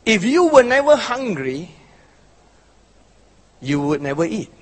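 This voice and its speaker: A man's voice: sits high, big pitch swings. A man preaching a sermon, stretching out key words and then pressing hard on others. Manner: emphatic, drawn-out phrasing with bursts of force. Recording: hall reverb.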